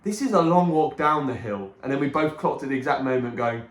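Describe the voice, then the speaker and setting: A man's voice: mid-range voice, brisk. Guy cohosting, acts out voices as he tells stories, roomy echo. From England. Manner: animated storytelling, acts out voices and laughs often. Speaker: podcast co-host. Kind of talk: casual chat. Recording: echoey room.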